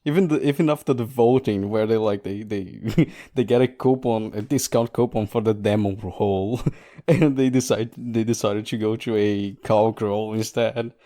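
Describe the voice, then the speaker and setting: Lower-voiced man chatting enthusiastically. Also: steady tone, normal speed, mellow. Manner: enthusiastic, laughing, retells with quotes. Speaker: podcast co-host. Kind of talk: casual podcast chat.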